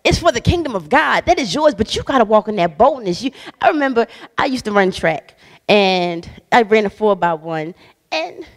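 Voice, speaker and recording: A woman guest minister giving a casual, conversational sermon, emphatic and bold, with slang and frequent laughter. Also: on the high side. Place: church hall. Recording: long church hall reverb.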